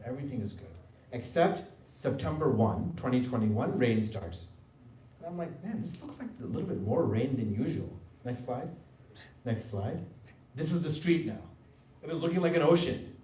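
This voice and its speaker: A middle-aged man giving a personal testimony talk, an animated storyteller who mimics voices when he quotes others. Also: mid-range voice. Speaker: devotional speaker. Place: hall at a spiritual center. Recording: echoey room, voice from far off, faint room noise.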